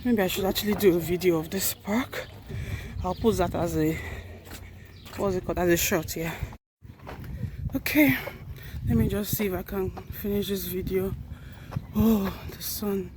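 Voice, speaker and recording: A woman's voice: medium pitch, steady tone, measured pace, long pauses, background noise. A woman vlogging while walking outdoors, a little out of breath, chatting earnestly and correcting herself as she goes. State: slightly out of breath. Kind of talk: casual walking vlog.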